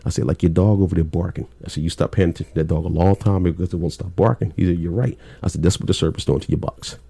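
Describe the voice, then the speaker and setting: A man's voice: low voice, fast, vocal fry, dark tone, husky, no echo. A middle-aged man, a cable technician, telling work stories in a blunt, laid-back way with plenty of swearing. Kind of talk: casual storytelling chat.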